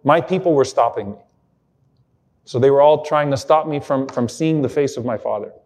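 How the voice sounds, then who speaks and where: A man's voice: mid-range voice, normal speed, a little mellow. A man giving an Islamic lecture, retelling an emotional story earnestly and quoting Arabic passages. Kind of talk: sermon-style storytelling lecture.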